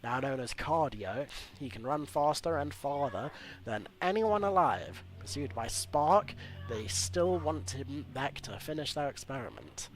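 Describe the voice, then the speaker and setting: A man's voice: medium pitch, big pitch swings, a little slow, faint music behind, rough recording. A man hosting a let's play, reading hero bios aloud and joking between them in a chatty way. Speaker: gaming channel host.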